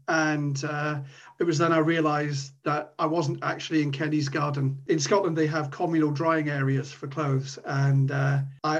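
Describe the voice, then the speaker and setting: Middle-aged man telling a story over a tinny line. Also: a little high. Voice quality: frequent stammered restarts and swearing. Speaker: podcast guest. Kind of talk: casual anecdotal storytelling.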